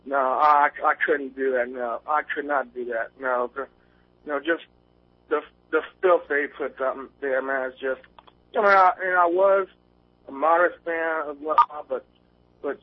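A man calling in to a radio show from outdoors on a windy day, nervous and rambling, with many fillers and restarts. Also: medium pitch. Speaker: caller. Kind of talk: nervous call-in chat. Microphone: phone line. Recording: tinny phone line.

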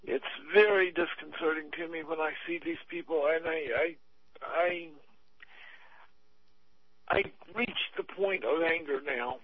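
A frustrated, earnest man chatting on talk radio, hesitating as he speaks. His voice sits a little high for a man. The recording is dry and somewhat dull. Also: no echo.

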